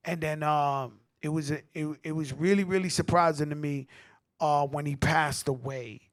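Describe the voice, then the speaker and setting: A middle-aged man with a New York accent, telling animated stories at a tribute panel, acting out quotes and swearing freely. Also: on the high side, normal speed. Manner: animated street storytelling, acts out quotes, swears. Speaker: host.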